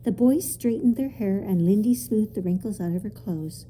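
A woman narrating a children's story aloud, expressive in her reading. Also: mid-range voice, normal speed, a little hiss or hum. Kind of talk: audiobook narration.

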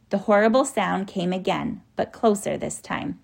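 A woman reading a children's story aloud in a lively way. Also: medium pitch, normal speed, vocal fry. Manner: lively, acts out the characters.

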